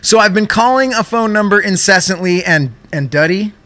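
A young man tells a story on his podcast with a high, bright voice. He is excitable and animated and swears casually. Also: moderate pace, no echo. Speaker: podcast host.

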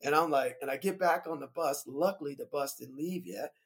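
A man who plays in a band, telling a story from the road as a guest on a podcast, lively and laughing as he recounts it. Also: a little high, brisk. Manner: animated, vivid retelling with laughter. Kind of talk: casual storytelling.

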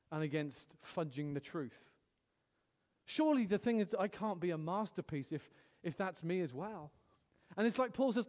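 A middle-aged man preaching a sermon, animated, swinging between loud exclamations and hushed storytelling. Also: sits high, long reverb tail.

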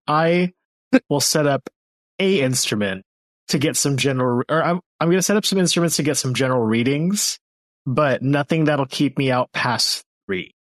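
A man's voice: medium pitch, dry recording. Brief: male player, mid voice, wry, stop-start delivery. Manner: self-correcting, wry. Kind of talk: tabletop role-play.

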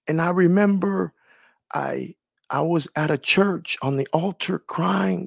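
A man's voice: high voice, takes it slowly, gravelly, breathy edge, dry recording, studio quality. A man sharing a personal faith testimony in an earnest, emotional way, repeating phrases for emphasis. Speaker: testimony speaker.

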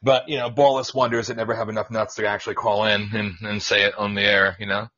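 A man's voice: lowish voice, little pitch movement, quick pace, pushed and bright, no room sound. A man co-hosting a casual talk podcast, ranting bluntly and profanely with scorn. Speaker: co-host. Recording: dull lo-fi audio.

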